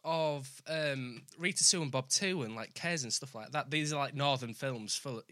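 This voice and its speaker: A man's voice: mid-range voice, moderate pace, pushed and bright, dry recording, studio quality. A man with a Yorkshire accent hosting an interview, friendly and teasing. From Northern England. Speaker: interview host. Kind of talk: casual interview chat.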